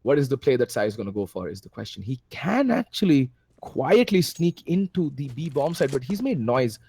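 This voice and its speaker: A man with an Indian English accent casting a shooter match live, excitable, his pitch leaping at big plays. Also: normal speed, creaky, breathy edge. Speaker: esports caster. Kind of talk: play-by-play commentary.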